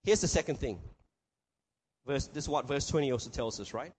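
A man preaching a sermon, animated and full of rhetorical questions, acting out quoted voices. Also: medium pitch, a little fast, husky. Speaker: pastor.

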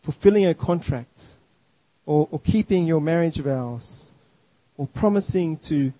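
A man's voice: a little high, lively intonation, measured pace, warm tone, no room sound, poor audio. A man preaching a sermon in an earnest, emphatic way, often restarting his words.

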